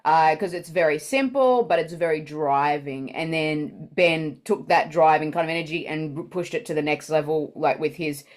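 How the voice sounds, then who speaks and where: Woman, lower voice, chatty coaching, lots of fillers and likes. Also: normal speed, hardly any pauses. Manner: chatty, teaching tips, many fillers. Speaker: improviser giving commentary. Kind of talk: casual reaction commentary.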